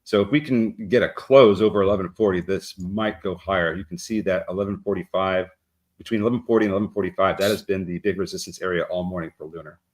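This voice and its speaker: A man co-hosting a live market show who talks through price levels in a halting way with many filler sounds. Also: sits low, fairly even intonation. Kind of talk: live trading commentary.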